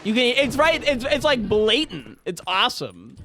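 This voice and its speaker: A man streaming a video game, rambling and joking with chat and breaking into loud excited outbursts. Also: very high-pitched, moderate pace, vocal fry, soft background music. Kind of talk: casual live-stream chatter.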